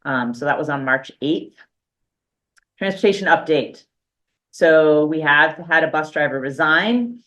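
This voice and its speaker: A school superintendent gives an unscripted update to a board meeting, speaking at an ordinary, middling pitch. The delivery is loose and conversational, full of restarts and filler, with a dry, self-aware humor now and then. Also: fairly bright tone.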